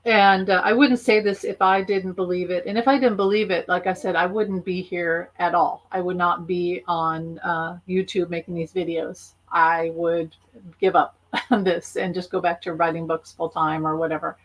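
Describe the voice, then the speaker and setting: A woman with a slightly lower voice speaks to her viewers in a loose, unscripted live-stream monologue. She rambles, restarts her sentences and often breaks into laughter. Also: steady tone, moderate pace. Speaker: YouTuber and author.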